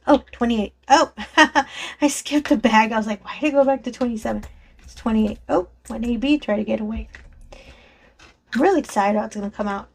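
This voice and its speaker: A woman's voice: on the high side, vocal fry. A woman vlogger chatting casually while sorting craft supplies, enthusiastic, laughing often and correcting herself as she goes. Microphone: desk microphone below a raised camera.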